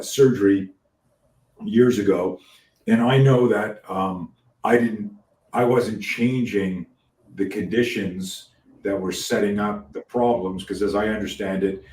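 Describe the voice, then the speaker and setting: Male podcast host, low voice, animated and profane storyteller; distant mic in a roomy space. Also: slight background noise. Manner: animated storyteller, swears freely, many restarts. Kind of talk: casual interview chat.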